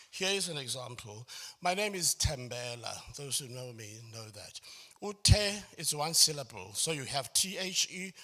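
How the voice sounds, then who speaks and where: A man's voice: fairly high pitch, bright, forceful tone. A man leading a choral workshop, explaining phrasing step by step and singing short lines to show it. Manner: explains step by step, often asks "does it make sense?"; sings and hums phrases to demonstrate. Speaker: choral music workshop facilitator. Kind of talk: workshop lecture.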